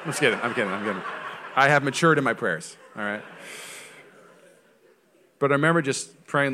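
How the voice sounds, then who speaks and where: Bright-voiced pastor preaching a sermon. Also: male voice, medium pitch, lively intonation, brisk, pauses often. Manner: conversational, jokey, swings from quiet to loud.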